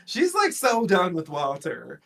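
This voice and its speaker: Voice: medium pitch, wildly swooping pitch, a little slow, gravelly, bright, forceful tone. A podcast co-host recapping a TV episode in casual chat, rambling with lots of fillers and trailing asides.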